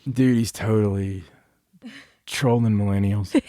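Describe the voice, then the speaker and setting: A man's voice: lowish voice, steady tone, unhurried, dark tone, no room sound, clean studio sound. Blunt, rambling male podcast co-host. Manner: blunt, profane, rambling with restarts. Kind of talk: casual chat.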